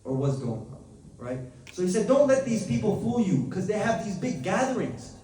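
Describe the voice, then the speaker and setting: A man with a high-set voice teaches a class, talking casually and often turning questions to his listeners. The recording has a roomy echo, and the microphone sits some way from him. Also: sing-song, warm tone, slight background noise. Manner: conversational, asks the class questions, switches to rapid text reading. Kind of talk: classroom lesson. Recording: echoey room, mic at a distance.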